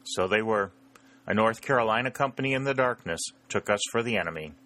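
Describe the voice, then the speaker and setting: A grave male officer from a storybook talks in a measured, sober way, as a man reading puts him on. The voice is low-pitched, with a bright, forceful tone. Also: lively intonation. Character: grave adult male Union officer, steady.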